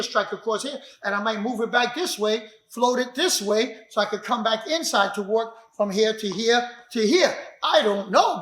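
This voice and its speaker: A man with a notably high voice teaches self-defense with punch and emphasis. He talks in bursts, now and then raising his voice to a shout as he plays out a street scuffle. The room around him rings with a strong echo. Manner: emphatic, acts out street confrontations, occasional shouts. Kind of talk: animated teaching demonstration. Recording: roomy echo.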